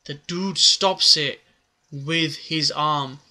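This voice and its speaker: A man's voice: a little high, steady tone, very slow, sharp tone. A man giving a casual, rambling recap of a comic chapter, with many filler words. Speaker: manga reviewer.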